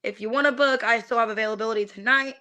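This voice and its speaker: A young woman chats her way through a live tarot reading, loose and unscripted, full of ums and little asides to viewers. Her voice sits a touch high and rings bright and forward. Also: fairly even intonation, fast talker. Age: young adult. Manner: chatty, many fillers, greets viewers by name. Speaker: tarot reader streaming live. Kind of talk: casual live-stream chat.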